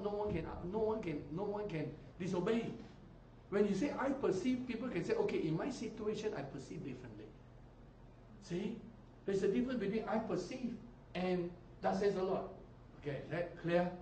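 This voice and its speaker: Animated pastor preaching in echoey hall. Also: male voice, high voice, a little hiss or hum. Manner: animated preaching, mimics people, swings loud and soft. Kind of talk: sermon. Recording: echoey hall, distant mic.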